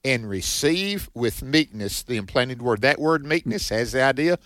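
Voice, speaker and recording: A man's voice: medium pitch, expressive, normal speed, a bit bright, no echo. A man co-hosting a conversational Bible teaching, emphatic and preacherly, often saying amen. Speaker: co-host.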